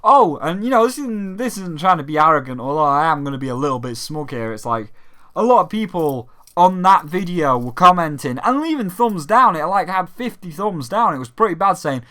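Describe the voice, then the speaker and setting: A man's voice: fairly high pitch, brisk. A young British man hosting a gaming channel, ranting casually with lots of swearing and mocking imitations. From Britain. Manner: sweary, animated, mocking voices.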